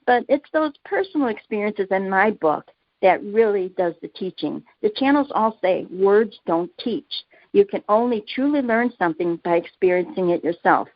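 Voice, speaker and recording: An earnest woman, a guest author, answers interview questions in a mid-pitched voice and slips into little personal stories. The sound is dry and somewhat muffled, with a lo-fi edge. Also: lively intonation, normal speed, dry recording. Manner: earnest, laughs easily, tells personal anecdotes.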